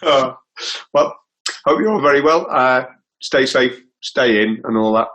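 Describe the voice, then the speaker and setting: A man in casual chat as the host of a comedy club session. He talks in a brisk, matter-of-fact way at a mid pitch. He is speaking over a video call. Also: fairly bright tone, low-quality recording.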